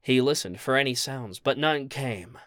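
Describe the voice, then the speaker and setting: Guy reading a spooky story for a podcast, dead dry mic, even delivery. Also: medium pitch, normal speed, dry recording. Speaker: podcast narrator.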